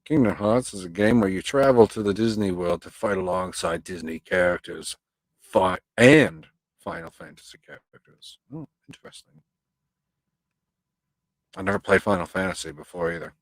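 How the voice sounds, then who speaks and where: A man's voice: deep voice, expressive, normal speed, vocal fry, no echo, rough recording. A man hosting a live stream, chatting casually with his viewers and reading their comments aloud, swearing freely and drifting into rambling rants. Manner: profane, rambling, ranting.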